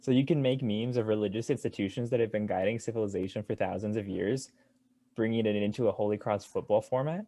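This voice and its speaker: A man's voice: on the low side, fast, warm tone. A young man co-hosting a casual sports podcast, joking and teasing the others. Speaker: podcast co-host.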